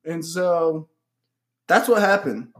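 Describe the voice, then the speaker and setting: A man co-hosting a casual podcast, telling stories with loud, excited quotes and plenty of swearing. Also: a little high, slow. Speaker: podcast co-host. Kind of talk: casual chat.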